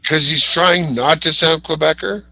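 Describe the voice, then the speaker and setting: A man's voice: on the high side, fairly even intonation, a little slow, gravelly, bright, forceful tone, rough recording. A man co-hosting a casual chat, making wry, joking asides.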